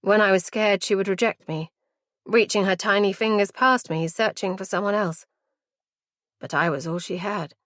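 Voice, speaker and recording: A woman narrating a first-person audiobook in a measured, intimate and reflective way. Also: medium pitch, steady tone, a bit bright, no room sound, studio quality.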